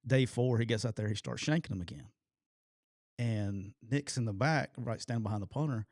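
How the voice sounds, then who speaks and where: Animated man telling a coaching story. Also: medium pitch, normal speed, dry recording, clean studio sound. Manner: animated storyteller, acts out quotes loudly, laughs often. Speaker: podcast co-host, former football coach. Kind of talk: casual storytelling chat.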